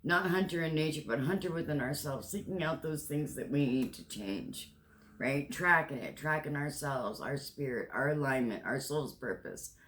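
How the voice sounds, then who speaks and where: A man in his sixties gives a spiritual tarot card reading monologue, earnest, encouraging, emotional and tearful at times, often repeating and restarting phrases. His voice is a little high and fairly bright at a normal speed.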